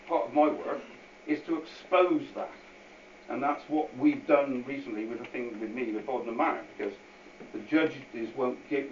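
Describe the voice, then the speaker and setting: A man giving an informal, unscripted talk to a public meeting as a guest speaker. He rambles, repeats himself and adds many asides. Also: mid-range voice. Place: meeting hall with an audience. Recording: echoey, distant, dull hall recording with faint hiss.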